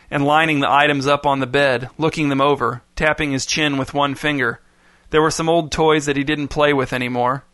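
A man narrating a children's story, steady and measured. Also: on the high side, no room sound, studio quality. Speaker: audiobook narrator. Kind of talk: scripted narration.

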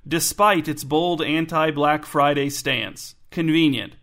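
An irritable, sardonic mom who grumbles in a dry voice, as a man reading the story puts her on. The tone is plain and a touch high. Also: fairly even intonation, slow, a bit bright. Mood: grumpy, sardonic. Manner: dry, grumpy. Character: irritable, sardonic mother baking pies.

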